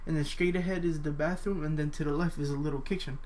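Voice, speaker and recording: A young man telling a personal story in a halting, hesitant way, full of fillers, now and then jumping to a higher voice to quote people. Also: fairly even intonation, darkish tone. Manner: acts out quoted voices with sudden high pitch.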